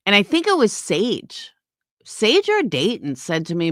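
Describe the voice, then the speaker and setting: A woman's voice: fairly low pitch, wildly swooping pitch, measured pace, no echo, clean studio sound. Blunt, heated, swearing middle-aged woman. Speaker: YouTuber and small business owner. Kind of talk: ranting to camera.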